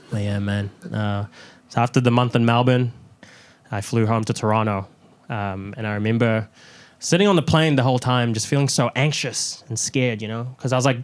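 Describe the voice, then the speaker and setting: Animated young male stand-up comedian. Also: background noise. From New Zealand. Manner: animated storytelling, acts out characters with rising pitch. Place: large theatre with live audience.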